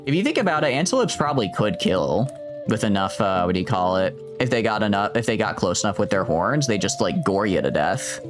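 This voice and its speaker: A man's voice: lowish voice, sing-song, a little fast, music in the background. A man streaming a game, rambling and joking with his chat in casual gameplay commentary. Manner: rambling, jokey, talks to chat.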